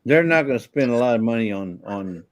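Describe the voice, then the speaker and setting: A man's voice: mid-range voice, animated, fairly quick, dry recording. A man chatting casually over a video call, easygoing and dropping in "you know" a lot. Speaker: regular on a group chat show. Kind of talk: casual chat.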